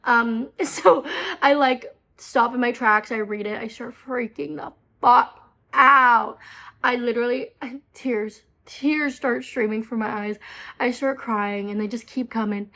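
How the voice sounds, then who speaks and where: A woman's voice: fairly high pitch, steady tone, normal speed, fairly bright tone. Chatty, profane young woman telling stories. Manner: chatty, profane, self-mocking, many "like" fillers. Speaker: storytime vlogger. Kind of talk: casual storytelling to camera.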